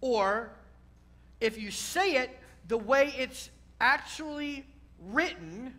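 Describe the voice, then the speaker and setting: A man's voice: very high voice, expressive, takes it slowly, pushed and bright. A man, a rabbi, preaching a sermon to a congregation, repeating key words and building to emphatic peaks.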